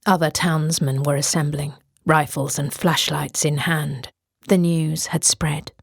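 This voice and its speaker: A woman narrating a horror audiobook in a measured way. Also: low voice, steady tone, vocal fry, dry recording, clean studio sound.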